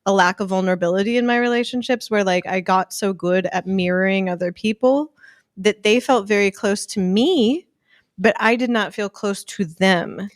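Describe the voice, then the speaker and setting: A woman in casual podcast chat, talking quickly and animatedly and acting out what people said. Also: mid-range voice, no echo, studio quality. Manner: quick, animated, often laughing, acts out quotes.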